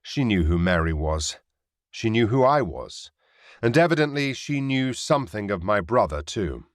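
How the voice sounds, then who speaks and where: Male audiobook narrator, measured, close mic, dry studio sound. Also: fairly low pitch, dry recording. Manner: measured, descriptive reading.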